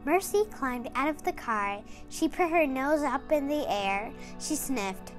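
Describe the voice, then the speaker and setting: A woman reading a children's picture book aloud in slow, expressive storytelling. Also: high-pitched, faint music behind.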